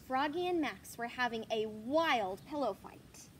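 A woman reading a children's picture book aloud, animated and asking the listener questions. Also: a little high, measured pace, a little hiss or hum. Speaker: storyteller.

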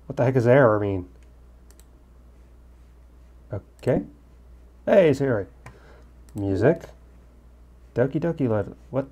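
A man's voice: medium pitch, expressive, slow, pauses often, mellow, husky. A man casually commenting on a game and reading its dialogue aloud, with joking asides. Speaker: let's-play gamer. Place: at home in Korea.

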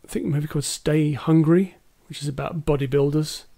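Hesitant, enthusiastic male podcaster, higher voice. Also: fairly even intonation, fairly quick, creaky, warm tone. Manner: hesitant, many ums, enthusiastic. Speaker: podcast co-host. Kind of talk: casual film discussion.

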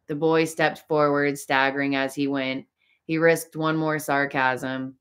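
A woman narrating an audiobook with a low-pitched voice. She reads expressively, lending drama to the prose. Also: flat delivery, unhurried, smooth. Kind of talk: audiobook narration of a classic novel.

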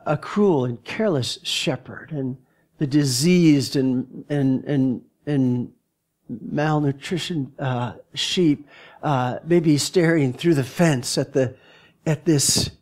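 A male pastor giving a sermon in a church, halting and repeating words as he searches for his phrasing. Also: medium pitch, a little mellow. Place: church sanctuary.

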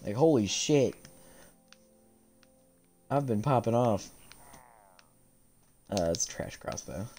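A man giving live commentary as he plays a game, animated and often laughing, chatting to the characters on screen. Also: medium pitch, slow, pauses often, soft background music. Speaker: streamer.

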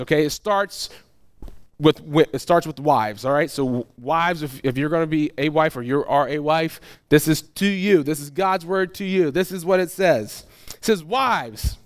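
Man, pastor, conversational sermon, restarts phrases, fairly high voice, smooth and clear. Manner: conversational preaching with frequent restarts and acted asides.

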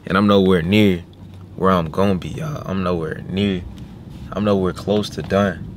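A man's voice: low-pitched, fairly even intonation, normal speed. A young man from Little Rock, Arkansas, talking casually and reflectively to his viewers as a vlogger, with slang. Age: 20s. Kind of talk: casual vlog talk to viewers. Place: inside a car. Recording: noisy car interior.

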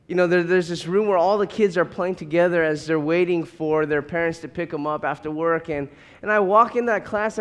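A pastor in his thirties preaches with a high, bright-edged voice, earnest and pressing, often doubling words as he builds toward a point. The sound carries a long reverb tail, as in a large hall. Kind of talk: sermon.

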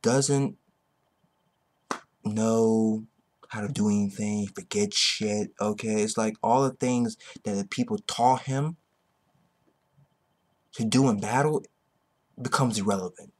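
Husky, excitable profane ranting man. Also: on the low side, slow pace, long pauses. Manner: excitable, heavily profane, repetitive. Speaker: manga chapter reviewer. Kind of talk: ranting reaction commentary.

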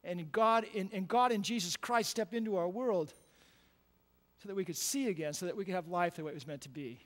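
A male pastor preaching a conversational sermon, repeating words and checking in with "right?", moving between quiet and loud emphatic passages. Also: high-pitched, fairly quick, in a large hall. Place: church sanctuary.

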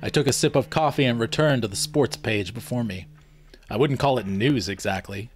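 A man reading first-person fiction aloud in a measured storytelling manner. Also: medium pitch, faint music behind. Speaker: audiobook reader. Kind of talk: scripted first-person novel narration.

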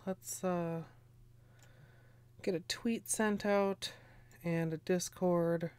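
A woman streaming nail art, chatting casually and ramblingly with viewers while a bit under the weather, clearing her throat now and then. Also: fairly low pitch, steady tone, very slow, darkish tone, dry recording. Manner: rambling, chatty, greets viewers, frequent laughs and fillers. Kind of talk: casual livestream chat.

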